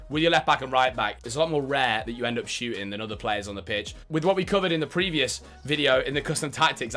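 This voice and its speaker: A man's voice: mid-range voice, a bit bright. A young man giving casual, enthusiastic gaming commentary, chatty and self-mocking. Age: young adult. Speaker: esports content creator.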